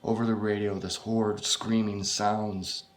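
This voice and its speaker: A man reading his own first-person horror story aloud, in a halting, unpolished way with frequent swearing. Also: lowish voice, little pitch movement.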